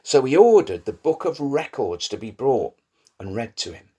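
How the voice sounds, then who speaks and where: A man narrating a Bible story for young children in an expressive storytelling manner. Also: mid-range voice, moderate pace, husky. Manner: lively, expressive storytelling with rising emphasis.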